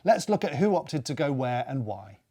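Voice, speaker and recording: A man's voice: medium pitch, big pitch swings, moderate pace, mellow. A man co-hosting a casual racing news show, chatty and joking as he reads headlines. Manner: chatty, jokey, thinks aloud. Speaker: news co-host.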